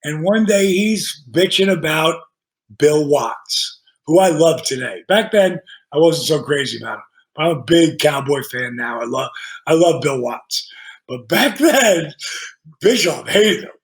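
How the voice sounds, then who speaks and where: A man whose voice is fairly high-pitched for his sex tells casual stories as a podcast guest. He's unhurried yet animated and profane, acting out the back-and-forth of each conversation.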